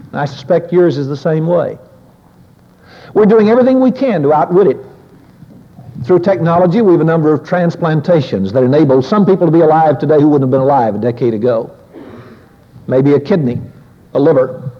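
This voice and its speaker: A man preaching a sermon in an earnest, measured, reflective way. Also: a little high. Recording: old lo-fi recording with long reverb.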